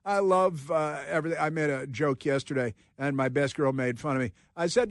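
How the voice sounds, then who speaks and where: A man's voice: a little high, brisk, no echo, clean studio sound. A man hosting a political talk radio show, emphatic and rambling, laughing often. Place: radio studio. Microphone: studio microphone.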